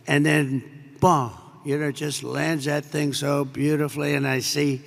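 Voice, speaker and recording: Older American man, gravelly speech. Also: on the high side, little pitch movement, unhurried. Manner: rambling anecdotes full of superlatives and asides. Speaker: president addressing troops. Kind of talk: off-the-cuff speech to troops. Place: large air base hall. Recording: long reverb from a large hall.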